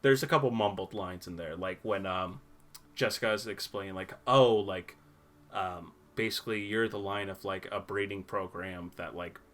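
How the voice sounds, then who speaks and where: A man's voice: low voice, moderate pace, a bit bright. A young man hosting a casual podcast, rambling with lots of fillers, swearing and laughing as he talks. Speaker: podcast host. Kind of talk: casual chat.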